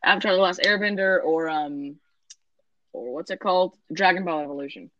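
A woman's voice: lowish voice, a little fast, a bit bright, dry recording, lo-fi sound. A woman in casual chat recapping a movie, rambling, correcting herself and tossing in sarcastic asides.

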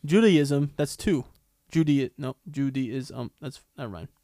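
A man's voice: mid-range voice, unhurried, warm tone, no echo. A young man co-hosting a casual podcast chat, playful and stubborn, often tripping over his words. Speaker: podcast co-host.

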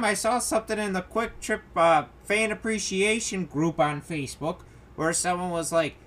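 A man's voice: sits high, normal speed, fairly bright tone, a little hiss or hum. A young man hosting a solo podcast, ranting in an exasperated way, swearing and mocking the people he quotes. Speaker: podcast host.

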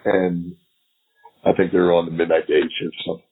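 A man's voice: deep voice, a little fast, a little hiss or hum. A middle-aged man, a retired agent, telling a long story in an interview. He laughs often and acts out what others said. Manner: animated, laughing storyteller who acts out quotes. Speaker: retired FBI agent, podcast guest. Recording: tinny phone-line audio.

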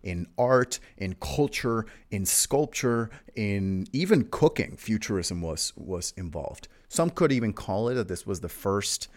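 A man's voice: on the low side, animated, a little slow, few pauses. A young man hosting a casual history podcast, telling the story in a playful, teasing way with jokes along the way. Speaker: podcast host.

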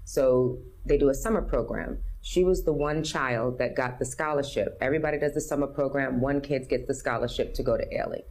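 A woman speaks with a low voice. She tells her story earnestly and openly as an interview guest, and she acts out other people's words when she quotes them. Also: brisk, few pauses, darkish tone. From New York City. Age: 50s.

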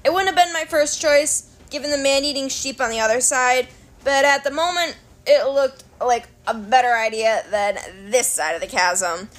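A woman narrating an adventure story in an expressive, dramatic reading. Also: high-pitched, normal speed. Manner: animated, dramatic. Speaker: audiobook narrator.

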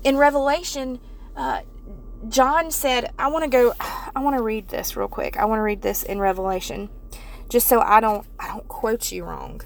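A woman with a somewhat high voice preaches an earnest devotional message straight to her viewers. She circles back on her phrases and restarts them as she builds toward fervent emphasis. A faint hum of ambient noise sits beneath her voice. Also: steady tone, moderate pace. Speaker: Christian speaker.

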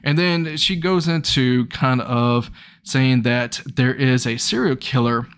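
A young man casually retelling an episode of a show in a loose, rambling way, with his voice jumping higher when something excites him. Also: takes it slowly, clear, resonant tone.

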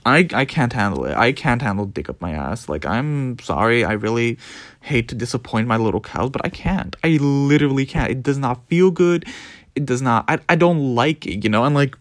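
A young man with a Dutch accent rambles through a casual, profane monologue, his pitch leaping up and down with animation. The sound is dry and close, with no room around him. He is a native Dutch speaker talking in English. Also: moderate pace, no room sound. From Netherlands. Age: young adult. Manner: animated, profane, mimics others in squeaky voices. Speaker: podcast host.

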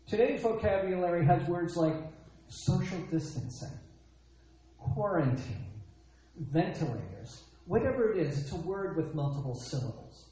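A man's voice: on the high side, mellow. A man preaching a sermon, emphatic, repeating his phrases and asking rhetorical questions. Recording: echoey dull lo-fi sound.

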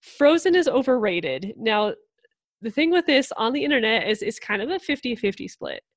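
A woman co-hosting a casual chat who talks quickly and laughs easily. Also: on the high side, very animated. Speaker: podcast co-host.

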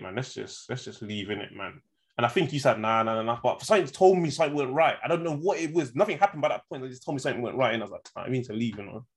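A young man telling a story in casual chat, rambling and saying "bro" and "innit" a lot. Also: mid-range voice. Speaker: podcast co-host.

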